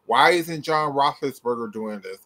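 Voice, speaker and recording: A young man delivering an impassioned commentary rant. He swears freely and repeats himself for emphasis, his voice sitting at an ordinary middle pitch. Blunt, fired-up and direct. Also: moderate pace, fairly bright tone. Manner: heated, blunt, profane and repetitive. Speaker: gymnastics commentator. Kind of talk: ranting commentary vlog.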